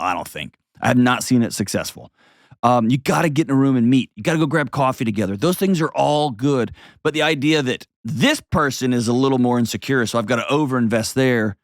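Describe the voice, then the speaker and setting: Middle-aged male advice host, mid-pitched, blunt and emphatic, in a dry booth. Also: no echo. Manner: blunt, emphatic, repeats short commands. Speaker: show host. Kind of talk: opinionated advice commentary.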